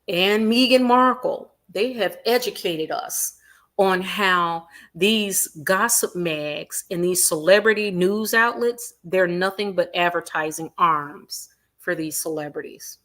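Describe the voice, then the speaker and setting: A woman hosting a celebrity gossip livestream, animated and emphatic, repeating her points and reading viewer comments aloud. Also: fairly low pitch. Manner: animated, acts out quotes in other voices, reads viewer comments aloud; emphatic repetition.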